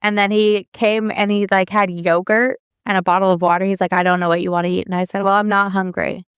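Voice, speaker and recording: A woman's voice: medium pitch, flat delivery, fast talker, clear, resonant tone, dry recording, clean studio sound. A woman, co-hosting a podcast and telling a long personal story in a chatty way full of fillers. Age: 30s. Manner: chatty, lots of fillers, quotes people in her story. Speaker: podcast co-host. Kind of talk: casual storytelling.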